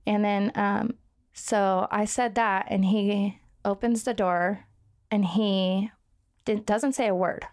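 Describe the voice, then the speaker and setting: A woman guest on a podcast recounts a personal story in an earnest, shaken way. She pauses often, restarts her sentences and leans heavily on fillers. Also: mid-range voice, steady tone, darkish tone. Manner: halting, full of "like" fillers and restarts.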